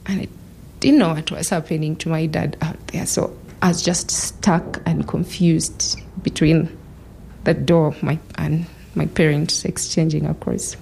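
Woman in her thirties, mellow and slightly low voice, for a measured, reflective personal story from the stage. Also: level tone, vocal fry, a little hiss or hum, rough recording. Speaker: human rights lawyer giving a talk.

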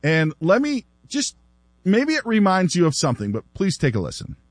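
A man hosting sports talk radio, animated and laughing as he repeats himself. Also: high voice, normal speed, no echo. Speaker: radio host.

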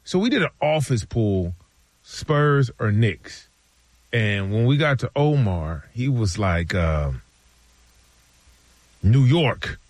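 A man co-hosting a casual sports talk show, telling stories with animated delivery and acting out his friends' lines. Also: medium pitch, slow, no echo.

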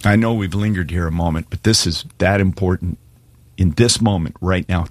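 A man preaching a sermon as pastor, earnest and pleading, slowing and speeding up for emphasis as he calls listeners to respond. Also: low voice, no room sound. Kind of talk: sermon with altar call.

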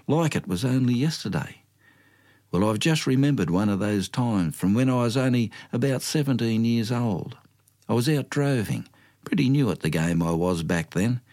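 A man's voice: medium pitch, darkish tone. Older Australian man spinning a yarn. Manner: folksy, drawn-out bush slang, dramatic asides. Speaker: storyteller. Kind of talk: spoken yarn-telling.

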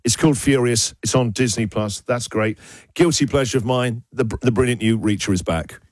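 A man's voice: mid-range voice, fairly quick, no room sound. A man hosting a radio show, recommending things in an enthusiastic, emphatic way with lots of repeated words, in a studio. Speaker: radio host. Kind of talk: casual radio chat.

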